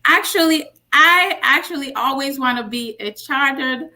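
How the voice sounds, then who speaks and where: A woman in her forties from Jamaica, a nurse practitioner giving a casual health talk, telling stories with emphatic repeats. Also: sits high. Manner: slow, warm storytelling with emphatic repeats. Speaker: guest speaker, nurse practitioner.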